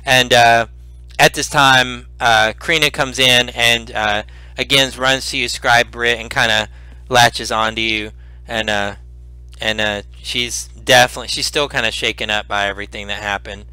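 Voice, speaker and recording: A man narrating as game master in a tabletop game, halting with many fillers. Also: mid-range voice, steady tone, bright, forceful tone, smooth, no echo.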